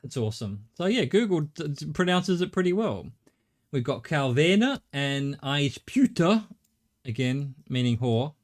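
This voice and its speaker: A man's voice: fairly high pitch, very animated, a little slow. A middle-aged man with an Australian accent giving live game-stream commentary, thinking aloud and chatting casually with his viewers.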